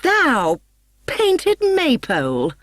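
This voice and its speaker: A woman voicing a small, fiery young woman who shouts shrill insults in anger. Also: wildly swooping pitch, extremely slow, no echo, studio quality, exaggerated voice. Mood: furious.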